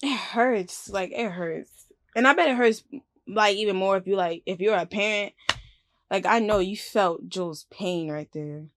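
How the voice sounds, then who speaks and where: A woman's voice: medium pitch, measured pace, a bit bright. A woman hosting a reaction video, talking in an emotional, slangy way. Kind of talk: casual reaction commentary.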